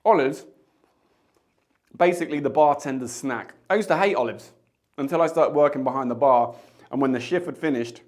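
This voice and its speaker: Bartender host, male, mid pitch, casual and jokey tasting talk. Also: normal speed, long pauses, a little mellow. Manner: chatty, jokey asides. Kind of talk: casual tasting chat to camera.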